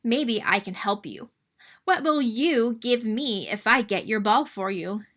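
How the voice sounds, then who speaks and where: A woman voicing a small, ugly male frog in a read-aloud storybook, asking and pleading in a high voice. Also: animated, measured pace, a bit bright.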